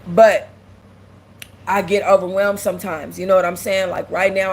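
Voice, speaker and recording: A young woman hosting a casual livestream talks candidly, close to tears, in a mid-range voice at normal speed over a little hiss or hum. She repeats herself and reads out viewers' comments, answering them in this emotional, casual chat.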